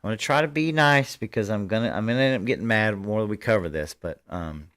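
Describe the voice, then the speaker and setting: A man hosts a political commentary livestream from his desk mic. His voice sits on the low side, and he talks fervently, rambling and restarting his sentences as he goes. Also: fast talker, fairly bright tone. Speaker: host.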